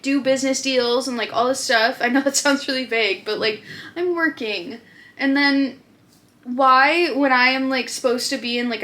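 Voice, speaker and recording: Bright-voiced Minnesotan woman chatting. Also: on the high side. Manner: chatty, filler-heavy storytelling, exasperated rant. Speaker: crochet vlogger. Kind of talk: casual chat.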